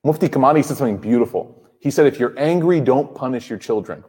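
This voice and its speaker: A man's voice: medium pitch, lively intonation, fast, dark tone, husky. A man in his thirties giving a sermon to a live audience, conversational and joking, often asking the crowd questions. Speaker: Islamic speaker. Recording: hall reverb.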